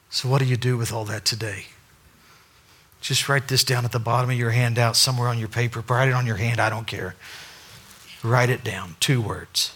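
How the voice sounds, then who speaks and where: A male pastor preaching a sermon, swinging between loud, acted-out dialogue and hushed asides. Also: mid-range voice, fairly even intonation, normal speed, a little hiss or hum.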